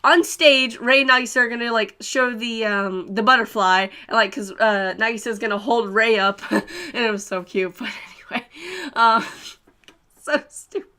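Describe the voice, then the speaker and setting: Giggly, rambling young woman, bright voice. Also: on the high side, steady tone, normal speed, clean tone. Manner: giggly, rambling, many fillers and laughs. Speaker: anime reviewer. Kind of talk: casual spoiler review.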